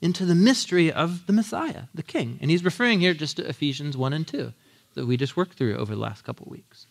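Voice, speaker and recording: Brief: man, 30s, sermon teacher, casual and animated, slightly higher pitch. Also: fast talker, creaky. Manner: animated, acts out quotes in lively voices; casual, conversational, laughs often. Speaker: pastor teaching a Bible series.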